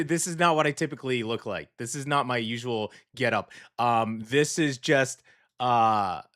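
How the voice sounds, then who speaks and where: A man's voice: mid-range voice, a bit bright. A man hosting a casual English morning show, joking around with a put-on Southern twang and rambling through fillers and self-corrections. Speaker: radio show host.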